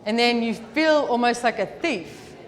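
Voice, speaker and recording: A woman speaking as the featured speaker at a live seminar, answering audience questions in a chatty, lively way full of "like"s. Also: on the high side, measured pace, some chatter behind. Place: large event hall with an audience. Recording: long reverb of a large hall.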